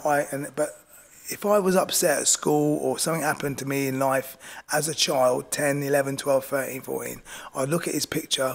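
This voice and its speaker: A man's voice: medium pitch, gravelly, fairly bright tone. A male boxing coach, telling stories in a chatty way in an interview and acting out other people's voices as he goes. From England. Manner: chatty, keeps saying "do you know what I mean", acts out voices in his stories. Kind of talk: casual storytelling interview.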